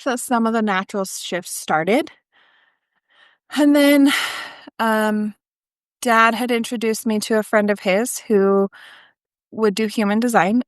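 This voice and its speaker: A woman of mid-range pitch tells her own story as a podcast guest, loose and conversational, dotted with ums and likes and quick restarts. The recording is dry and close, with almost no room sound. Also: no room sound. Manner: conversational, frequent ums and likes, self-correcting. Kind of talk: candid personal storytelling.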